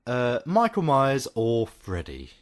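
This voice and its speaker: A man co-hosting a podcast in casual chat, animated and joking, laughing often. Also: mid-range voice, slow pace. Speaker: podcast co-host.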